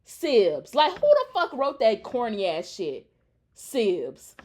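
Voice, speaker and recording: A woman's voice: fairly high pitch, huge pitch swings, normal speed, a little mellow. A young woman in a casual, profane rant reacting to a TV show, sassy and exasperated.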